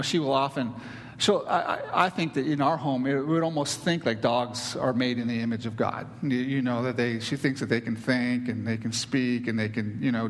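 A man's voice: high-pitched, long reverb tail. A middle-aged man preaching a sermon as a pastor, earnest and given to repeating words as he goes.

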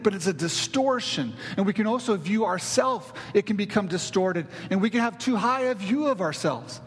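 Emphatic high-voiced male preacher. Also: long reverb tail. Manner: emphatic, repeats key words for stress. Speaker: pastor. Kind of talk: sermon.

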